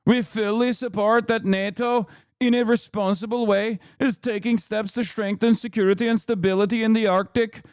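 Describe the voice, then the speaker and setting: A man's voice: high-pitched, fairly even intonation, clear, resonant tone, dry recording, clean studio sound, voice pushed up. A man putting on a stiff Norwegian-accented prime minister. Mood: formal. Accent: put-on Norwegian. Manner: slow, stiff, sing-song formal reading. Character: middle-aged male Norwegian prime minister reading a formal statement.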